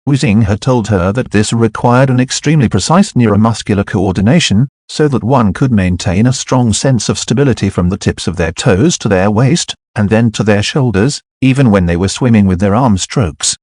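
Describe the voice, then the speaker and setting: Low-voiced male audiobook narrator. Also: normal speed, few pauses, a little mellow, no echo, studio quality. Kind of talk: audiobook narration of a web novel.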